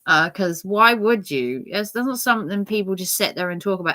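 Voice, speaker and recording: A woman's voice: medium pitch, animated, a little fast, pushed and bright. A middle-aged woman chatting casually to her viewers, rambling with lots of fillers and restarts. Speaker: channel host.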